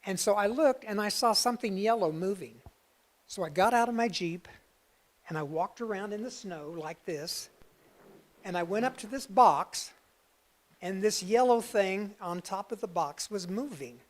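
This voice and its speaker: A man giving a talk as a guest speaker, telling a personal story with lively swings between loud bursts and hushed passages. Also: high voice, moderate pace.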